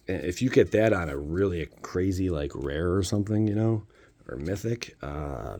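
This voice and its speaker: A man with a low voice opens trading card packs and chats to his viewers in a loose, jokey way. His pitch swings widely as he riffs and throws in goofy outbursts between rambling asides. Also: animated, moderate pace, a little mellow. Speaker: card-opening YouTuber. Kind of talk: casual pack-opening commentary.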